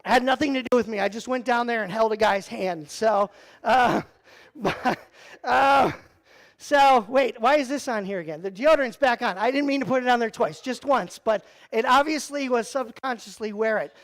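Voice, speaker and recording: A man leading a church youth group talk, telling a personal story in an animated, joking way, full of "like" and "um". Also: extremely high pitch, moderate pace. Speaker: youth pastor.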